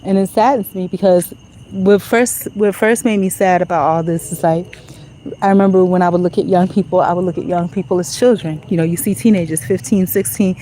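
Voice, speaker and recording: A woman's voice: lowish voice, fairly even intonation, a little fast, mellow, a little hiss or hum, poor audio. A woman talking to her phone while walking outdoors at night, in a reflective, conversational way full of "you know". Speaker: vlogger. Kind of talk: casual walk-and-talk monologue.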